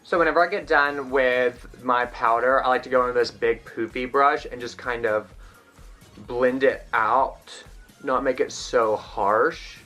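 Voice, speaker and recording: Bright-voiced chatty young man. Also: mid-range voice, measured pace, soft background music. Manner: chatty, self-mocking. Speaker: vlogger. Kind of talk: makeup tutorial chat.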